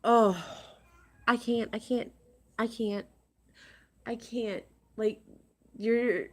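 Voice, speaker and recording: A woman vlogging to her viewers, upset and agitated, talking in a halting, exasperated way and repeating herself. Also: mid-range voice, darkish tone. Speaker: crafting vlogger. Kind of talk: casual vlog rant to viewers.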